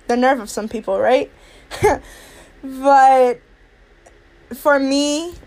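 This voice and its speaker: High-voiced young woman, heated and blunt. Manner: blunt, heated and profane, swinging between anger and weary sorrow. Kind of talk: impassioned monologue to camera.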